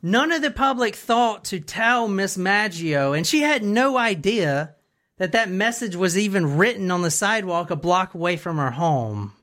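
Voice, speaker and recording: A woman co-hosting a podcast, telling a true crime story in an animated, suspense-building way. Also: mid-range voice, moderate pace. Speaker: podcast co-host. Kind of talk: casual true crime chat.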